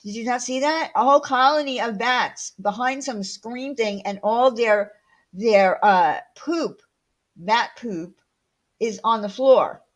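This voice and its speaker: A woman's voice: on the high side, slow pace. A woman hosting a casual livestream, chatting with viewers and answering their comments in a blunt, chatty way full of fillers and the odd swear word. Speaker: livestream host.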